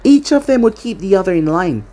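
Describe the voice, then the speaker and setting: A woman's voice: mid-range voice, expressive, a little fast, dark tone, natural voice. A woman voicing a dramatic undead overlord father. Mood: worried. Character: undead male overlord, doting anxious father.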